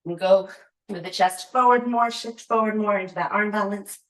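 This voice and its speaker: A woman's voice: mid-range voice, normal speed, fairly bright tone. A woman teaching a yoga class, calling out poses and breath cues with chatty, laughing asides. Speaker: yoga instructor. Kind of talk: guided yoga class cueing. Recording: echoey room.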